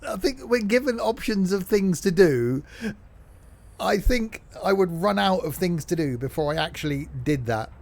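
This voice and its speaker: Chatty streamer, lively pitch. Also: male voice, creaky. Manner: chatty, self-mocking, quick to exasperation. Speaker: streamer playing a train simulator. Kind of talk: casual gameplay commentary.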